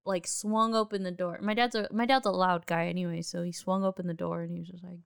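A woman telling an animated personal story in casual chat, often laughing. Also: on the low side, quick pace, vocal fry, few pauses, clear, resonant tone, no echo, studio quality.

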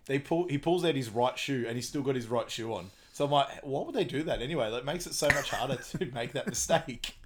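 A man's voice: medium pitch, brisk, hardly any pauses, a little hiss or hum. A young man co-hosting a podcast, recapping a film in loose, casual chat and laughing often. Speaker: podcast co-host.

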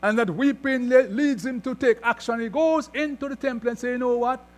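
High-voiced male preacher with mains hum. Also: a little fast. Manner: reads scripture then expounds with rising emphasis. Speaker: pastor. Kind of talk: sermon.

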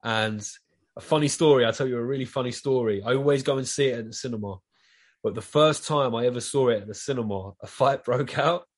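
A man in a casual chat, telling stories with lively energy and plenty of swearing and filler words. His voice sits at an ordinary middle pitch for a man. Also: fairly quick. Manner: animated storyteller, heavy swearing, lots of fillers.

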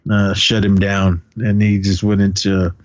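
A podcast co-host casually recaps movie scenes, often laughing and occasionally swearing. His low voice is monotone and a little slow, with no echo and the highs cut off.

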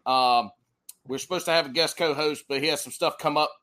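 A man's voice: a little high, a little fast, a bit bright. A man with a Southern US accent hosting a podcast in loose, joking casual chat, swearing freely. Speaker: podcast host.

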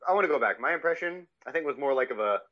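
A man co-hosting a casual cartoon chat, jokey and quick to slip into silly voices. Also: medium pitch, lively intonation. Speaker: podcast co-host. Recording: dull lo-fi mic.

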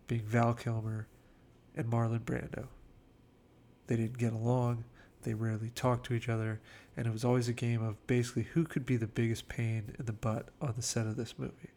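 A man's voice: medium pitch, creaky, darkish tone, slight background noise. A man casually telling behind-the-scenes film anecdotes in a chatty way, acting out quotes. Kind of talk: casual storytelling commentary.

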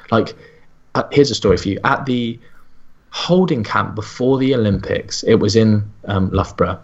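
A sports nutritionist in casual podcast chat, telling stories in an animated way and acting out the people he quotes. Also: lowish voice, a little fast, breathy edge, lo-fi sound. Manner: animated storytelling with quoted voices.

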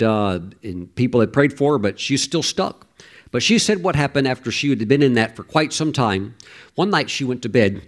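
A man preaching a sermon, emphatic, with stammered restarts and sudden exclamations. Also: medium pitch.

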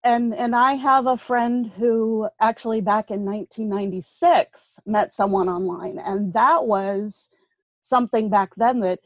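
A middle-aged woman guest telling dating stories in lively casual chat. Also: fairly high pitch, measured pace, no echo. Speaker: guest, author.

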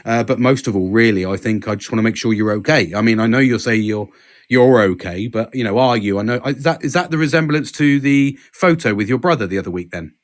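A man hosting a podcast, talking earnestly in a halting, casual way and swearing freely. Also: medium pitch. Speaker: podcast host. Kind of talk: casual chat.

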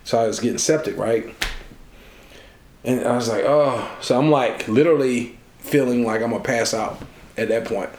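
A man being interviewed, telling a personal story in a lively way and acting out the voices of the people in it. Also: mid-range voice, moderate pace. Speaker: interview guest. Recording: echoey room.

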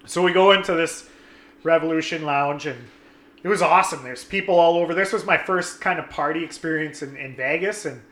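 Young man, casual storytelling, animated, swears, bright voice, echoey room. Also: on the high side, a little fast. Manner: animated, swearing, acts out friends' lines. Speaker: guest telling a story.

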